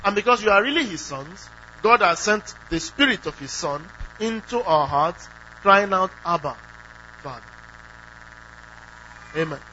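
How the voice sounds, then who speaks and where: A man's voice: high voice, expressive, unhurried, long pauses, bright, forceful tone. A man preaching a sermon who asks the congregation questions and acts out quoted prayers. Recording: dull lo-fi recording with faint hum.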